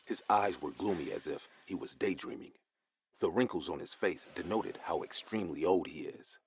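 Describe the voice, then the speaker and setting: A man reading a scripted horror story in the first person, in an even storytelling delivery. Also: sits low, normal speed, slight background noise. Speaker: narrator.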